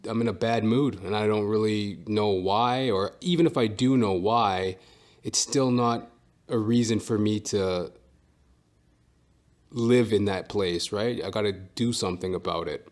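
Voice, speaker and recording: A man with a fairly low voice hosts a solo podcast and talks casually and at length. He rambles freely, swears often and fills his speech with asides and verbal tics. The tone is unscripted and personal. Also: unhurried. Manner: rambling and profane, with many fillers and asides. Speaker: podcast host and stand-up comedian.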